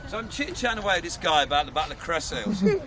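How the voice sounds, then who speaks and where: Loud, jokey showman outdoors. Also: sits high, sing-song, racing. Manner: loud, jokey, teasing the audience. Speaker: castle archery performer. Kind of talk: live comic history show for a crowd. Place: outdoors at a castle. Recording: windy outdoor crowd noise. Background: crowd and wind.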